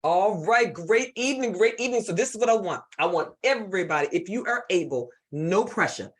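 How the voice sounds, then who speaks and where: A woman from the United States with a Southern drawl, leading an online leadership workshop in a lively, folksy and playful way. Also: medium pitch, fairly quick, breathy edge. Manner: animated, folksy, playful, repeats herself. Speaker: leadership speaker. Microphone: computer mic on a video call.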